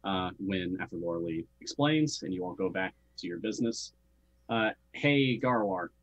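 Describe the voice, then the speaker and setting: A man's voice: low-pitched, lively intonation, moderate pace, dull audio. A man running a tabletop role-playing game as game master, describing the scene to his players.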